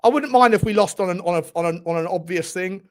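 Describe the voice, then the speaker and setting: A man's voice: sits high, fast. A young man hosting a live football watchalong, furiously ranting and swearing at the referee. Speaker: football fan channel host.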